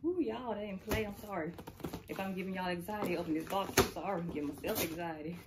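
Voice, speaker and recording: A woman's voice: lowish voice, quick pace. A woman chatting casually to camera while unboxing packages, laughing often. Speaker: unboxing vlogger. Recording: noisy home recording.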